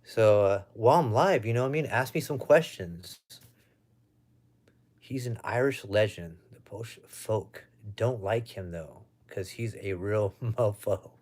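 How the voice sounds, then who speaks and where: A man's voice: lowish voice, a little slow, darkish tone. A young American man chatting casually on a live stream at home, reading out viewer comments in a loose, chatty way. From United States. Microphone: webcam or phone.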